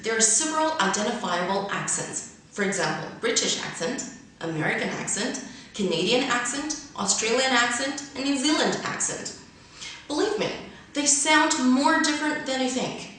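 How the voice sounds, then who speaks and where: A woman presenting a scripted English lesson, explaining clearly and going through her points in order. Her speech rises and falls with a lively melody. She sounds distant in a very echoey room. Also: mid-range voice. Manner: clear, structured, lists points one by one. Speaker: host and English teacher. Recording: echoey room, mic far away.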